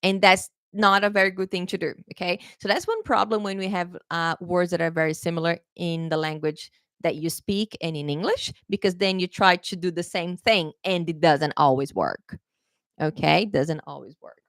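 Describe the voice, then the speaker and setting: A woman's voice: fairly low pitch, moderate pace, a bit bright, no echo, clean studio sound. Chatty woman teaching pronunciation live. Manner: chatty, repeats "okay?" often, self-correcting. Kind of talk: live online lesson.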